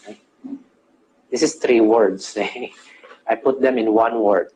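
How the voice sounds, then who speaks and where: A man's voice: fairly low pitch, steady tone, takes it slowly, long pauses, a little mellow, a little hiss or hum, low-quality recording. A man teaching a nursing class. He quizzes his students, answers his own questions, and explains English terms as he goes, tagging most phrases with "okay?". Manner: checks in with "okay?" after nearly every phrase. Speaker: nursing lecturer. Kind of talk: classroom lecture.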